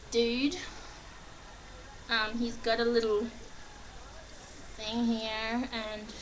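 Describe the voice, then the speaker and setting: A woman's voice: on the high side, sharp tone, a little hiss or hum, rough recording. A young Australian woman chatting casually on a home webcam in her living room, talking in a put-on American accent, rambling and giggly. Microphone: built-in webcam mic.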